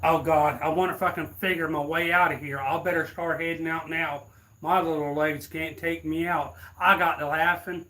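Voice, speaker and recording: A man's voice: fairly high pitch, flat delivery, moderate pace, sharp tone. A man, telling a rambling, laughing story casually to his viewers. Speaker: streamer.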